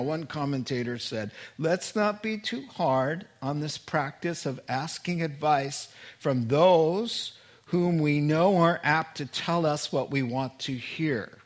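A man preaching a sermon, telling stories with animated quoted voices and frequent laughter. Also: fairly high pitch. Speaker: pastor.

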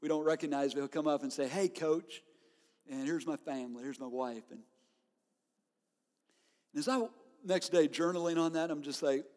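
A man preaching a sermon as a pastor, telling stories in an animated way and laughing often. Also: a little high, moderate pace, pauses often. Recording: long hall reverb.

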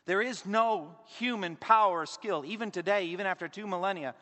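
A man delivering a sermon from the pulpit, his voice sitting a touch higher than most men's. He shifts between loud emphatic phrases and quiet drops, using dramatic pauses. The sound carries a long reverb from a large church hall. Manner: varies volume and pace for emphasis, dramatic pauses. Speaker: pastor. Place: church sanctuary.

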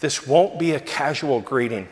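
A man preaching a sermon and telling a personal story with animated, self-mocking delivery. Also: moderate pace. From Southern California. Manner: lively storyteller, big pitch swings, self-mocking. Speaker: pastor. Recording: long hall reverb.

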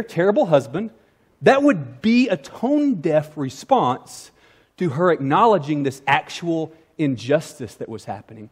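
A man preaching a sermon as pastor, animated and acting out quoted voices. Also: a little high, brisk, breathy edge.

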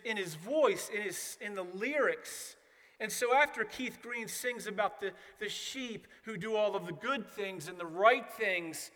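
A man's voice: high voice, sharp tone, long reverb tail. A man preaching a sermon as pastor, earnest and emphatic.

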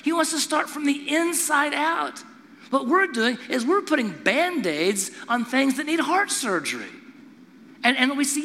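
Middle-aged guy preaching, high bright voice, swoops up and down a lot, big echoey church hall. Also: measured pace. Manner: animated storytelling with acted-out voices. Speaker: pastor. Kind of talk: sermon.

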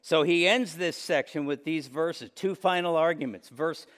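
A man preaching a sermon as pastor, impassioned, swinging between loud high peaks and low quiet passages. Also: normal speed.

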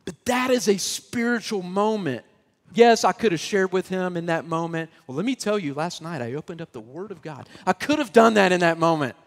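A man preaching, telling a personal story with lively acted-out quotes. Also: high-pitched, normal speed. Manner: animated storyteller, acting out quotes. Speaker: pastor. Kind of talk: sermon storytelling. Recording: long reverb of a large hall.

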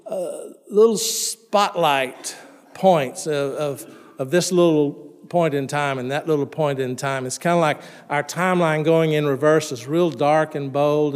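Man, middle-aged, pastor, conversational sermon, restarts words, asks the congregation questions, slightly raised pitch. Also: fairly even intonation, normal speed, smooth. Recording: long reverb in a large hall.

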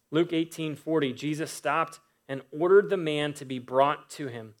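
A man preaching a sermon, earnest, with pauses and rhetorical questions. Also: fairly high pitch.

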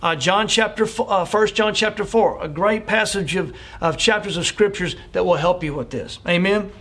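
A man with a high-pitched voice preaches a sermon as a pastor. He presses his points earnestly, repeating phrases and stumbling over fillers as he goes. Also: normal speed, a bit bright. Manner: earnest, repetitive exhortation with frequent fillers.

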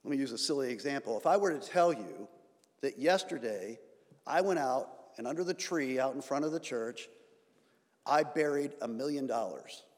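A man's voice: mid-range voice, animated, normal speed. A man pastor delivering a sermon in a church, building to emphatic, sometimes sarcastic points. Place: church sanctuary. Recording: church hall reverb.

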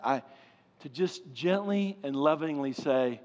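A man preaching a sermon with passion, swinging from loud pleading to hushed, quiet stretches. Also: fairly high pitch, very animated, a little slow. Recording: long hall reverb.

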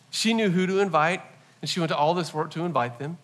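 A man in his forties gives a sermon in a bright, clear voice, pitched a little high. He tells stories in an earnest, lively way. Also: quick pace. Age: 40s. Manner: storytelling, animated and earnest. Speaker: pastor.

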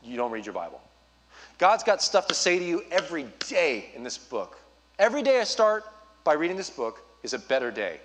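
A man preaching as a youth pastor, urging his listeners directly with an earnest, personal manner and quick asides. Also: a little high, sing-song, fairly bright tone, a little hiss or hum. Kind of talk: sermon.

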